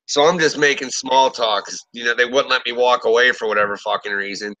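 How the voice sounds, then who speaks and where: A man's voice: mid-range voice, fairly even intonation, fairly quick, sharp tone, rough recording. A man, telling a story in casual, profane talk and acting out what people said. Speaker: podcast host.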